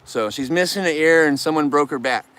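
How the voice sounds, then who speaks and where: A man's voice: on the high side, a little fast, a bit bright, smooth. A man vlogging casually to the camera about his bears, in an emotional, rambling and earnest way, at times turning bitter and heated. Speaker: vlogger who keeps bears.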